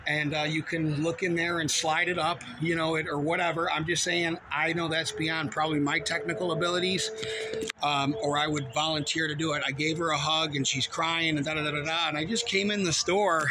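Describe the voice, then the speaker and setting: A man's voice: on the high side, little pitch movement, brisk, noisy background. A man who works as a store cashier tells a rambling, profane story in a heated, casual way.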